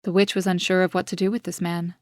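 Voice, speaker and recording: A woman reads her own dark story aloud in a steady, measured way. Her voice sits a little low and stays quite flat in pitch. The recording is close and dry, with no room sound. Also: no echo. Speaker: author and narrator. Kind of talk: scripted audiobook narration.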